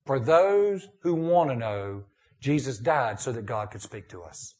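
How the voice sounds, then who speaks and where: A man's voice: mid-range voice, expressive, measured pace. Preacher man, dynamic delivery. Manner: preaching with rising and falling intensity, dropping to a hushed prayer. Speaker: pastor. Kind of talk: sermon.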